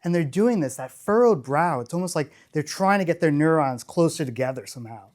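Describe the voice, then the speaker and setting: A man's voice: fairly high pitch, expressive, brisk. Enthusiastic middle-aged man telling stories on stage. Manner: enthusiastic, rambling, frequent restarts. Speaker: conference speaker. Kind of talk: storytelling keynote talk.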